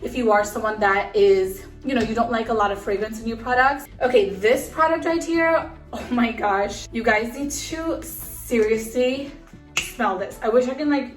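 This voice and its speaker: A woman's voice: fairly high pitch, moderate pace, reverberant, far from the mic, faint music behind. A pregnant young woman vlogging casually into her phone, chatty and upbeat with lots of fillers, a little out of breath. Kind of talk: casual chat to a phone camera. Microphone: phone camera.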